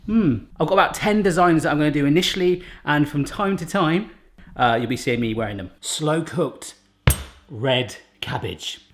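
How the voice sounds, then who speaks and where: A chatty, jokey man talks through a home-kitchen recipe, wandering off into asides. His voice sits a little high for a man. A faint hiss runs under the recording. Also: moderate pace. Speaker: cooking channel host. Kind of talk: casual cooking demonstration.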